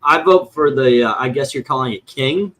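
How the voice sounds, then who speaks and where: A man's voice: mid-range voice, normal speed, fairly bright tone, a little hiss or hum, rough recording. A man on a casual panel who tallies the votes and suggests where to move each item. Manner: tallies votes, practical, trailing off. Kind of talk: casual group discussion.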